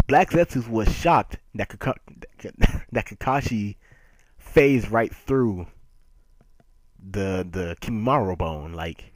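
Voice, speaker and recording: A man giving a casual manga chapter review, animated and emphatic, laughing often. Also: fairly low pitch, slow pace, no room sound.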